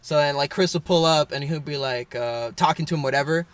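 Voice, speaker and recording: A man's voice: a little high, brisk, clear, resonant tone. A young man co-hosting a podcast in casual chat, rambling with fillers and laughing often. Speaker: podcast co-host.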